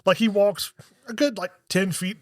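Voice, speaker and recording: A man's voice: high-pitched, fairly even intonation, normal speed. A man co-hosting a podcast, chatting casually about a film and laughing often while quoting characters. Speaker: podcast co-host. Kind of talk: casual film review chat.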